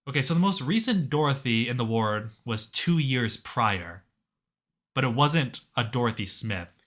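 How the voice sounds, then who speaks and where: A man's voice: mid-range voice, expressive, a little slow, fairly bright tone. A man reading a visual novel aloud and reacting casually, with swearing.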